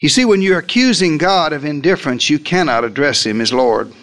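High, lively man preaching dramatically. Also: a little fast. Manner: dramatic first-person retelling, emphatic. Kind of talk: sermon.

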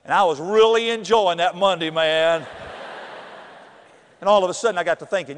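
A middle-aged man, telling a personal story with animated acted-out voices and shouts. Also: high voice, normal speed, long pauses, clean tone, in a large hall.

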